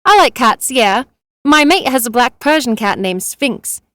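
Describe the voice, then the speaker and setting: A woman's voice: a little high, animated, unhurried, a bit bright, no echo. A woman voicing a joking young werewolf sous chef in his twenties in a storybook reading. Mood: teasing. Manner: joking and teasing.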